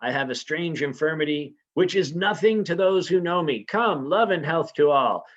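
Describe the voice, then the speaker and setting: A man reading aloud the lines of a shaken king trying to cover his fear, reciting verse in a raised, hurried way. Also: fairly high pitch, animated, a bit bright, pitched above the performer's own voice. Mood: forced cheer. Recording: slightly muffled lo-fi recording.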